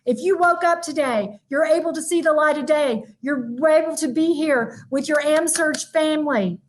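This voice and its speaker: A woman giving a lively, emphatic motivational keynote, talking straight to her audience. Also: high voice, moderate pace, hardly any pauses. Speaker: motivational speaker. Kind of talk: virtual keynote talk.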